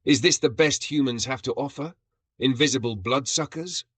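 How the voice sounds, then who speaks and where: A man voicing a proud, short-tempered male alien commander who speaks in a gruff, commanding way. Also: fairly low pitch, expressive, normal speed, pushed and bright, full character voice. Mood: furious.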